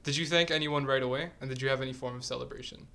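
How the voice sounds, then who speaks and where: A teenage guy hosts a podcast at a quick, tumbling pace, his voice at an ordinary middle pitch. He jokes easily and fires off follow-up questions to his guests. His talk stays casual throughout. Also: steady tone, vocal fry, pushed and bright. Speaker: podcast host.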